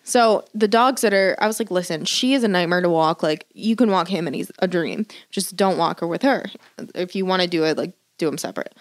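A woman co-hosting a podcast tells rambling, casual stories and swears freely in a laid-back chat. Her voice is lowish and fairly quick.

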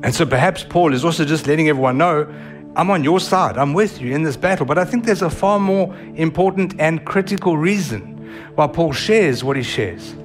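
A man with a South African accent preaching a sermon as pastor, animated and vivid in delivery. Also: sits high. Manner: animated, acts out voices of others.

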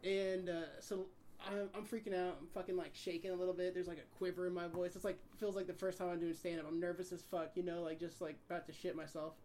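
A man in his twenties telling a story in casual chat with friends, animated and swearing, acting out the voices of the people in it. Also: high-pitched, fast talker, slight background noise. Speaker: podcast guest.

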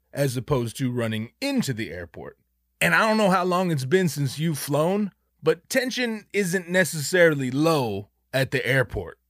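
A man telling a personal anecdote in an animated, profane, emphatic way. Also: medium pitch, no echo, clean studio sound. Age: young adult. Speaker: storyteller.

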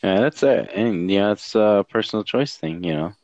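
Very deep-voiced young man, hesitant. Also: lively intonation, moderate pace, a little mellow, dry recording. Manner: hesitant, many fillers and restarts. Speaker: streamer. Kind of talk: casual chat.

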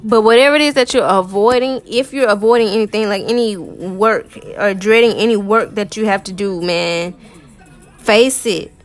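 Chatty woman tarot reader, soft music behind. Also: medium pitch, normal speed. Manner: conversational, repeats herself, uses "y'all" and "man". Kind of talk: casual spiritual pep talk to viewers.

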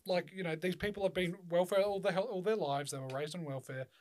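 Man, casual chat, emphatic, heavy swearing, fairly high pitch. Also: fairly quick, darkish tone, a little hiss or hum. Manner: swears constantly, emphatic, rambling restarts.

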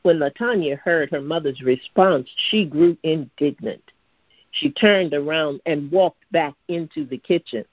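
A woman narrating a storybook aloud in a steady, even reading voice with occasional stumbles. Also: low voice, measured pace, no echo. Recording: dry, slightly dull lo-fi recording.

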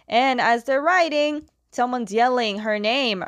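A woman's voice: on the high side, measured pace, hardly any pauses, fairly bright tone, no room sound. Chatty woman recapping a story, dry sound. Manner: chatty, retells scenes with "he's like" quotes. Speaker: comic recap talker. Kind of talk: casual recap chat.

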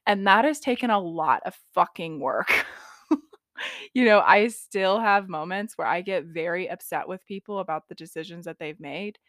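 Young adult woman, casual podcast talk, filler-heavy and blunt, lowish pitch, dry close sound. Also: moderate pace, fairly bright tone, no room sound. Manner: chatty, frequent "like" fillers, swears casually. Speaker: podcast host and intuitive reader.

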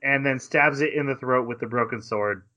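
A man with a bright, forceful voice rambles through an episode recap and drops quick quoted asides along the way. The casual podcast audio sounds a little dull and lo-fi. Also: mid-range voice. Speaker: podcast co-host.

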